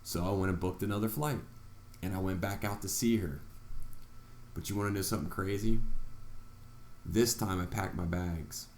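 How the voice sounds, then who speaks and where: A man's voice: low-pitched, steady tone, moderate pace, pauses often, a little mellow, roomy sound, slight background noise. A man vlogger earnestly telling a personal story, acting out his own reactions along the way. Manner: earnest, retelling events with quoted reactions.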